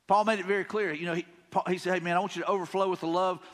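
A man's voice: high voice, fairly even intonation, racing, big-room sound. A man with a Southern US accent preaching a sermon as pastor, talking in a conversational, folksy way and often repeating himself. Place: church sanctuary.

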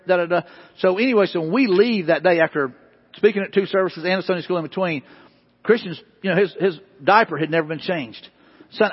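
A middle-aged man delivers an animated, conversational sermon. His voice sits high and sounds a little husky. The recording carries a long echo from the church hall and a somewhat dull, muffled quality. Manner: animated, conversational preaching with repeated catchphrases. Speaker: pastor. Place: church sanctuary.

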